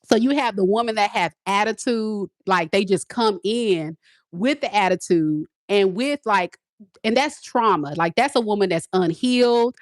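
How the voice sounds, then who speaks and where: A woman in her forties, a tarot reader, answering viewers in a candid, sassy, animated live-stream chat. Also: mid-range voice, normal speed, no echo, clean studio sound. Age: 40s. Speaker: tarot reader and spiritual advisor.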